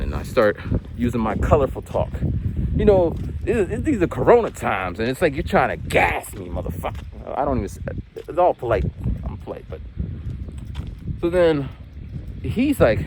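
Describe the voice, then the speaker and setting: A man's voice: mid-range voice, sing-song, moderate pace. A man in his forties telling a meandering story while walking home outdoors, full of restarts and casual swearing. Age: 40s. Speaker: vlogger. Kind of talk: rambling casual monologue. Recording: outdoor recording with wind noise.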